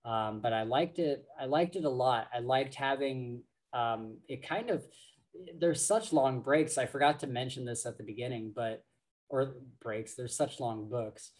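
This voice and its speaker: A man co-hosts a casual book podcast at an unhurried pace. He talks in a halting, rambling way, full of fillers and restarts. His voice sits in a middle register. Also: medium pitch, darkish tone. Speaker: podcast co-host.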